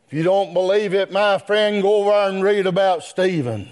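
A man preaching a sermon in a whooping, chanted style, swinging between quick low asides and drawn-out shouted phrases, with folksy speech and calls to "brethren.".

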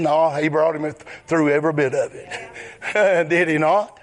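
A man preaching a sermon in a drawn-out delivery, breaking into shouted high exclamations and repeating short call-outs to the congregation. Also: fairly even intonation. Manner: repeats call-outs like "yes, sir" and "huh?".

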